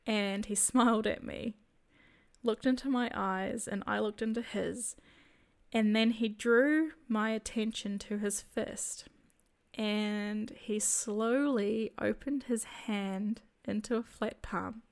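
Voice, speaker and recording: A woman telling a personal faith testimony in a soft, reflective storytelling manner. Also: medium pitch, steady tone, slow pace, gravelly. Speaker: storyteller sharing a spiritual experience.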